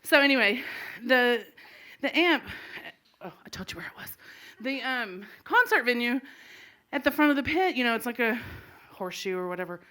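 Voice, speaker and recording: Woman, middle-aged, live comic storytelling, animated, laughing, bright voice. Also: a little high, normal speed, long pauses. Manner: animated, laughing as she tells it. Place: live stage before an audience.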